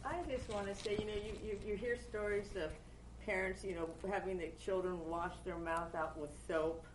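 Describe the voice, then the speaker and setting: A woman's voice: mid-range voice, steady tone, moderate pace, background noise. A woman in the audience politely interrupting to share an eager comment. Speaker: audience member.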